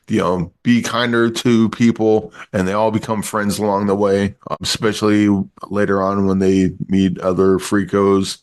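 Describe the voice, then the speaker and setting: Rambling man recapping a movie plot. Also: fairly low pitch. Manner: rambling, stumbles and restarts, retells plot. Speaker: podcast movie reviewer. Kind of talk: casual chat.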